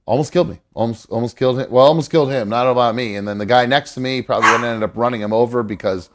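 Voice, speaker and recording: A man's voice: medium pitch, rapid-fire, heavy background noise. A middle-aged man hosting a live show, chatting loosely, rambling and swearing casually. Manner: rambling, swears casually, coos at his dog. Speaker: podcast host. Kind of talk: casual live-stream chat.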